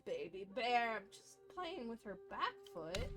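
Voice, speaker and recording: A woman on the high side of the female range reads game lore aloud from her home computer setup. She trips over words, restarts them and breaks into giggles as she goes, in a casual streamer's way. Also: big pitch swings, unhurried, music in the background. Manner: stumbles and restarts words while reading, giggly.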